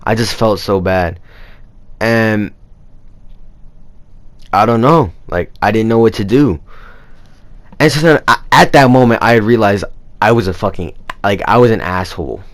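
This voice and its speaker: A man's voice: fairly low pitch, measured pace, long pauses. A young man telling a personal story in a casual, rambling way, with lots of fillers. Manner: rambling, animated retelling with many fillers. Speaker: vlogger.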